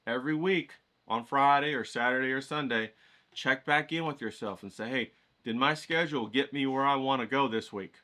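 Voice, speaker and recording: Middle-aged man, bright forceful tone, folksy motivational vlogger, swears, hypes up the viewers. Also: mid-range voice, normal speed. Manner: hyped, folksy, swears freely, talks to viewers directly. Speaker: watercolor vlogger. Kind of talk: casual motivational pep talk to camera.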